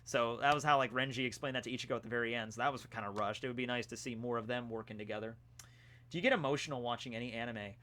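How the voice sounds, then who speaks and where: Young adult male streamer, bright and forceful tone, loose chatty reading of viewer questions. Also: mid-range voice, very fast. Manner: rambling, laid-back, answers questions read from chat. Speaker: streamer answering chat questions. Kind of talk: casual live-stream chat.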